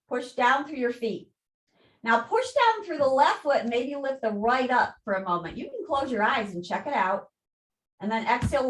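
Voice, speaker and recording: A woman yoga instructor giving calm step-by-step cues and counting breaths through a guided class. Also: a little high. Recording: echoey room.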